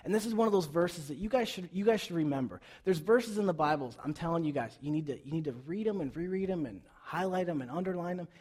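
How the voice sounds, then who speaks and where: A young man giving a sermon in a church, conversational, moving between quiet reflection and loud, urging calls to the congregation. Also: on the high side, expressive, fast, few pauses, slightly rough. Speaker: pastor.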